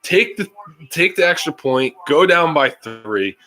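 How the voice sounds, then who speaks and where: A man's voice: fairly high pitch, lively intonation, unhurried, bright, forceful tone. A man streaming a live reaction to a football game, ranting and swearing in frustration at the play calling between stretches of play-by-play. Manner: frustrated, swearing fan rants.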